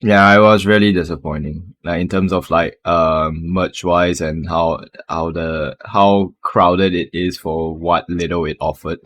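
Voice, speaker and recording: Low-voiced dude on a group call, candid, kinda rambly. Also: male voice, steady tone, unhurried, few pauses, a bit bright, slight background noise. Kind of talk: casual chat.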